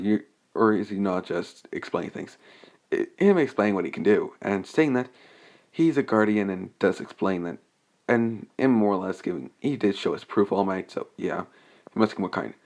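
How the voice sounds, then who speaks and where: A man's voice: sits low, vocal fry. Rambling young man retelling a fan story. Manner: rambling and hesitant, many restarts and fillers. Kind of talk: casual unscripted story recap.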